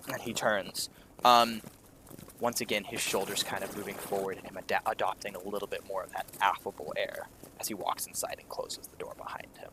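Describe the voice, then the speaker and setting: A man narrating as game master in loose, hesitant speech with many fillers, sometimes dropping to a hushed whisper, over a video call. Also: lowish voice, flat delivery, a little fast, noisy background. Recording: music playing underneath.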